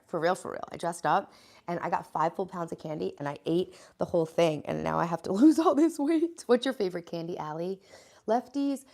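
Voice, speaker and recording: Chatty American woman streamer, low and gravelly, stuffed-up from a cold, greets her chat by name. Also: darkish tone. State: congested, sniffling. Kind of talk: casual live-stream chat.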